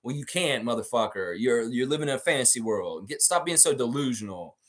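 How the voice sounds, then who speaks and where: A man hosting a live sports stream, talking with a lively, swooping pitch. He is animated and profane, and he rants as he reads viewer comments from a home desk microphone. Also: brisk. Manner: animated, profane, mocks fans with whiny high baby voices. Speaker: podcast host.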